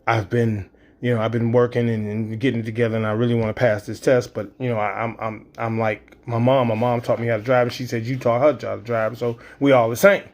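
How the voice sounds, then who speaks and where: A man quoting his young adult daughter, calm and matter-of-fact, in his own voice. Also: medium pitch, brisk, lightly acted. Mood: earnest. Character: calm, self-assured young woman, daughter.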